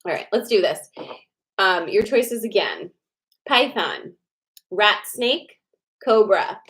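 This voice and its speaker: A woman's voice: mid-range voice, animated, takes it slowly, a bit bright, poor audio. A woman in her forties hosting a casual livestream, chatty and rambling, reading cards to viewers and full of "like" fillers.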